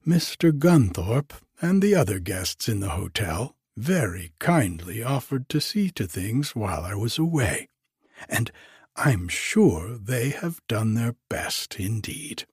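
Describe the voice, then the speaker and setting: A woman's voice: rumbling low, very animated, takes it slowly, a little mellow, slightly rough, dry recording, studio quality, exaggerated voice. A man voicing a cheerful Welsh hotel manageress with a lilting, apologetic way of talking.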